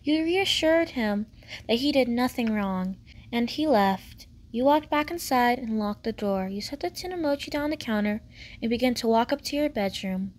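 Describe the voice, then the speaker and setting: Woman gently reading a fanfic aloud. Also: on the high side, expressive, normal speed. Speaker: fanfic reader. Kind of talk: story narration.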